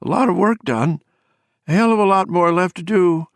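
A shrill, wavering woman on the edge of collapse, put on by a male reader. Her high, quavering voice croaks and trembles with exhaustion as she strains to sound cheerful. The reading is close and dry, in a storybook manner. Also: moderate pace, no echo, natural voice. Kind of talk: audiobook character voice.

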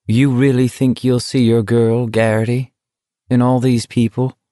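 A man's voice: mid-range voice, level tone, a little slow, mellow, dry recording, studio quality, close to an everyday voice. A man voicing a young male walker who taunts and needles his rival in a sly, mocking way. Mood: casual. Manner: sly, mocking, soothingly condescending.

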